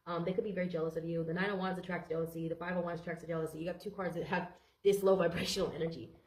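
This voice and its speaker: Congested woman tarot reader; rapid, rambling, filler-heavy delivery in a roomy space. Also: on the low side, flat delivery, darkish tone, a little hiss or hum. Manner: rambling, repeats phrases, frequent "okay?" and "like". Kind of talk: casual tarot reading.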